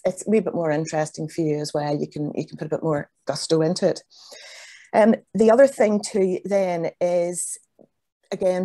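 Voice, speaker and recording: A middle-aged woman gives an online presentation as a business coach, heard through a video-call mic. Her voice sits fairly low and sounds warm and mellow. She speaks earnestly and encouragingly, repeating her key points for emphasis.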